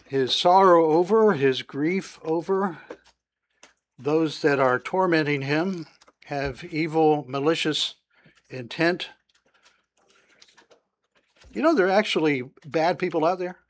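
A man teaching through a psalm in a conversational sermon, stopping often with "uh" and lifting his voice when reading verses aloud. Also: fairly high pitch. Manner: conversational, frequent "uh" fillers, rising emphasis on scripture. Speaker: Bible teacher.

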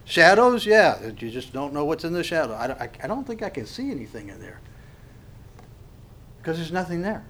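Guy preaching a sermon, kinda high voice, quizzes the crowd, acts out little voices. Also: very animated, normal speed. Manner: dynamic preaching, swings from hushed to loud; asks the congregation rhetorical questions. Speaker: pastor.

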